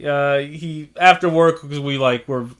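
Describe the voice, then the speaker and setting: A man's voice: a little high, unhurried, fairly bright tone, clear, resonant tone. A man co-hosting a podcast, talking loosely, laughing and swearing freely. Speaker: podcast co-host. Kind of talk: casual chat. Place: living in Japan.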